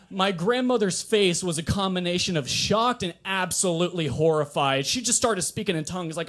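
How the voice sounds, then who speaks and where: A man performing a stand-up comedy set at an open mic in a coffee shop, switching between a dry deadpan and sudden animated bursts. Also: sits high, normal speed, hardly any pauses.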